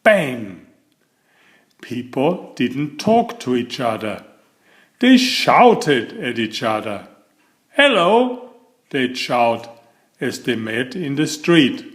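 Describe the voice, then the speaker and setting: Slow, animated man reading a picture book. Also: mid-range voice. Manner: animated, drawn-out, playful to children. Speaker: storybook reader.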